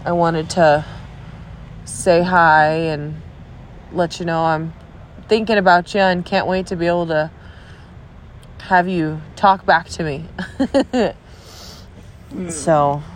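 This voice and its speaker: A woman's voice: lowish voice, steady tone, takes it slowly, long pauses. A tired, stuffy woman rambling in a casual recorded message to a friend, encouraging and trailing off, with yawns between thoughts. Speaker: friend sending a video message. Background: dog barking.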